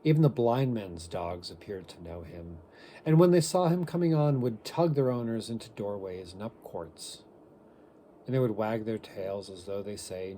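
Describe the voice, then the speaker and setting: Male amateur reader, expressive storytelling with a low, mellow voice. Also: moderate pace, slight background noise. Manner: expressive, shifting pace, occasional stumbles. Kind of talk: amateur dramatic reading of a classic story.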